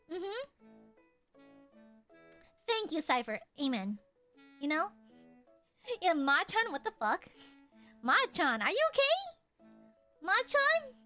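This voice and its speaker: Woman streamer, high bright voice, playful teasing chat, soft music behind. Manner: playful, teasing, swings between loud squeals and low mutters. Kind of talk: casual chat with viewers.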